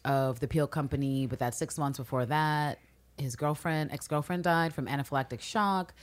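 A woman's voice: a bass voice, a little mellow. A woman co-hosting a podcast, chatting casually and with opinions about a TV episode, acting out the characters' lines as she recaps. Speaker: podcast co-host.

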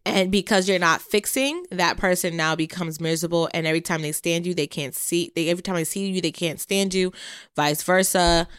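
A woman's voice: on the low side, fairly even intonation, fairly quick, a bit bright, clean tone, no echo, clean studio sound. A woman co-hosting a podcast in casual chat, talking bluntly with a lot of swearing and frequent laughter. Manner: blunt, profane, laughs often. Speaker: podcast co-host.

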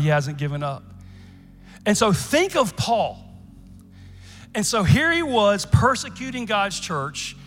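High-voiced preaching man in a reverberant hall. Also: a bit bright. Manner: preaching with rising intensity and repeated questions to the congregation. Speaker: pastor. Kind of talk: sermon.

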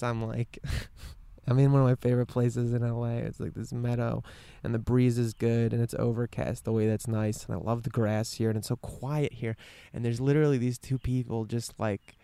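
Sitting in a quiet meadow, a man with a smooth, resonant mid-range voice rambles earnestly in a casual outdoor vlog monologue. He swears freely and shifts between hushed musing and fired-up rants. The sound is dry and close.

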